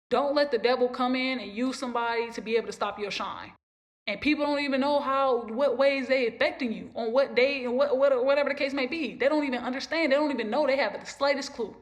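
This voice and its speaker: Her voice sits high and brisk as this podcast host talks about her own experiences, repeating points with emphasis. It is a personal motivational talk meant to lift up her listeners.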